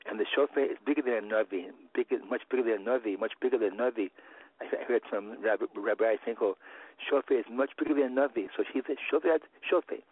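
Man teaching a Torah lesson, husky voice, halting and repetitive, restarts often, thin phone-like sound. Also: medium pitch, dry recording. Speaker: religious teacher. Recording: phone-like line.

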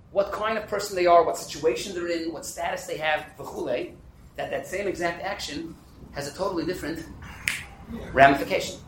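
High, rapid-fire male class teacher. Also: roomy sound, a little hiss or hum, poor audio. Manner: animated and quick, fields questions, drops in Hebrew and Yiddish terms. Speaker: teacher leading a Talmud class. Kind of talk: interactive class lecture.

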